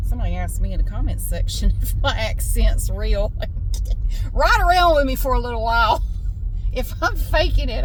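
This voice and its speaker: A woman's voice: mid-range voice, dry recording, rough recording. A woman chatting frankly and casually from inside a car, swearing now and then. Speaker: vlogger. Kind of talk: casual chat while driving. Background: faint car and road noise.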